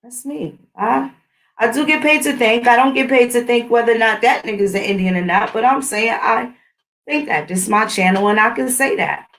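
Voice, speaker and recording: A middle-aged woman speaks straight to her channel's viewers in a casual, combative rant. She talks bluntly and swears often. Her voice sits a little higher than most women's. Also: fairly quick, fairly bright tone, far from the mic. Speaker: channel host. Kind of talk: casual ranting monologue.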